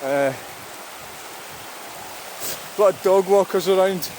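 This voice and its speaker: A Scottish man chatting casually as he walks outdoors by a river, rambling, swearing now and then, and talking to the camera. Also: high-pitched. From Scotland. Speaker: vlogger. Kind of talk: casual walking vlog talk. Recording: rushing stream noise outdoors.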